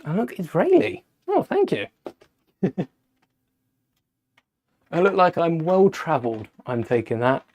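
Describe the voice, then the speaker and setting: A British man with a fairly high voice hosts a live Lego stream. He chats in a relaxed, offhand way, musing aloud as he builds. He breaks off now and then to answer viewers' questions. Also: slow, long pauses. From United Kingdom. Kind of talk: casual live-stream chat.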